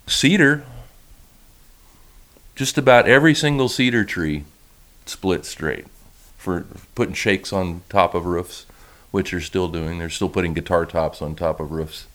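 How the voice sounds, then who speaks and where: A man who makes violins gives a relaxed, rambling talk over slides, with many restarts. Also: deep voice. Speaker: violin maker giving a talk.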